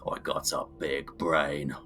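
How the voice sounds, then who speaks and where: A man's voice: a bass voice, flat delivery, takes it slowly, bright, forceful tone, voice pushed down, heavily acted. A man voicing a boastful ork pirate admiral in a put-on Cockney accent, with slangy, broken grammar. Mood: gruff.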